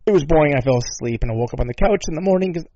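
Sarcastic rambling man, lively swings. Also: a little high, rapid-fire, dry recording. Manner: sarcastic, rambling, swears often. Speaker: podcast host. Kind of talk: casual profane commentary. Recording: dull lo-fi dry sound.

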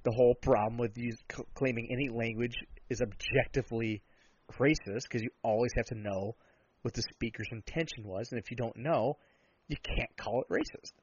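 A man's voice: mid-range voice, moderate pace. A man co-hosting a podcast in casual chat, talking bluntly and sarcastically in long rambling turns. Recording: dull lo-fi sound.

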